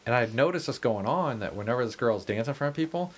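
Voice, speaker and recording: A man's voice: medium pitch, quick pace. A man telling a bar story in casual chat, swearing freely and acting out what people said. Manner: profane, animated storyteller, acts out quotes.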